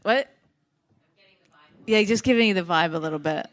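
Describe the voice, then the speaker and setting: A woman co-hosting a live comedy podcast, chatty and quick to laugh at herself. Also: fairly low pitch, expressive. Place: live podcast stage before an audience.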